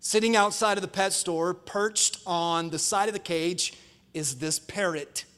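A man's voice: high-pitched, a little slow, a bit bright, smooth. A male pastor preaching an emphatic sermon at a live church service, switching to playful storytelling.

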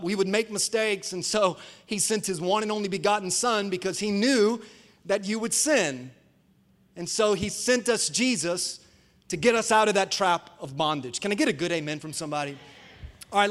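A man's voice: high-pitched, a bit bright. A male pastor preaching an emphatic sermon at a live church service, switching to playful storytelling.

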